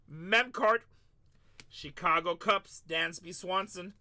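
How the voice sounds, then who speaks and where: A man hosts a live card break stream, calling out each player as it comes and chatting with viewers between pulls. His voice sits high and sounds very bright and forceful. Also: normal speed, long pauses. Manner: hyped, calls out pulls and chats with viewers.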